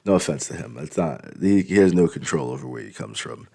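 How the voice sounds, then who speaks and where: Deep-voiced man ranting bluntly. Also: expressive, a little fast, vocal fry, warm tone. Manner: blunt, rambling, profane. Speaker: vlogger. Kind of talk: casual monologue.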